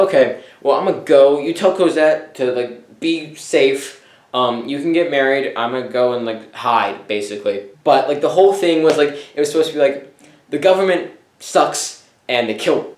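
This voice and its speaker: A man with an ordinary mid-range voice tells a story in a loose, joking way, packed with fillers and quick throwaway impressions of characters. The sound bounces around a roomy, echoey space. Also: medium pitch, darkish tone. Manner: rambling, filler-heavy, slips into offhand character voices. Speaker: vlog host reviewing a musical. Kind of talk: casual humorous plot recap. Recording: echoey room.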